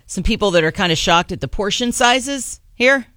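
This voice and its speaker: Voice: mid-range voice, animated, normal speed, bright, forceful tone, dry recording, clean studio sound. A chatty talk show host introducing clips and bantering with co-hosts.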